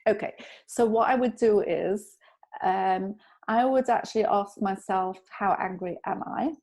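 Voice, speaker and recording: A woman guest, an EFT tapping practitioner, calmly explaining and walking through a technique. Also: medium pitch, measured pace.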